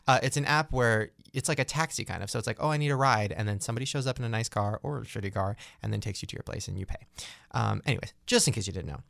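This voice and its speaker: A man's voice: on the low side, fast, gravelly, no echo, clean studio sound. A young man hosting a casual chat show, telling a story with lots of energy and acting out the voices in it. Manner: animated, acts out voices in his stories. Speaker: podcast host.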